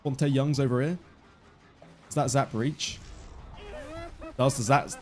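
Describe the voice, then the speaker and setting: A man in his twenties giving live, excitable commentary on his own gameplay as a streamer. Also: medium pitch, slow, pauses often, faint music behind. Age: 20s. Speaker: gaming streamer.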